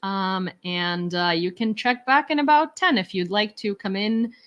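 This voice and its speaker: Speaking a little slowly at medium pitch, a woman from Ukraine chats ironically with her livestream viewers at home, rambling with many fillers and false starts. Her tone is fairly bright, though the recording's highs are cut off.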